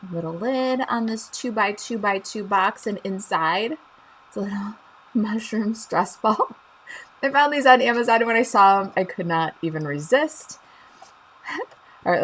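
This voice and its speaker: A woman's voice: medium pitch, husky, rough recording. A woman with a Chicago accent hosting a live craft demonstration, chatting upbeat with viewers, greeting them by name and laughing often. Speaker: stamping craft demonstrator and show host. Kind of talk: live-stream craft demo chat.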